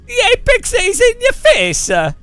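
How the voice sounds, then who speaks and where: A man doing a nagging Italian game developer who scolds in broken English and a mock Italian accent. The voice jumps high and swings wildly as he complains, bright and sharp over faint music. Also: wildly swooping pitch, unhurried, dry recording, exaggerated voice. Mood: scolding.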